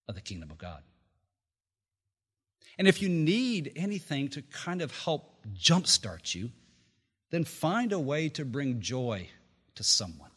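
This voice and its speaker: A man preaching a sermon to his meeting, telling a story that swells to loud peaks and drops to quiet, low endings. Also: sing-song, measured pace, long pauses, husky. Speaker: pastor. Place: meeting house. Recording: long reverb of a hall.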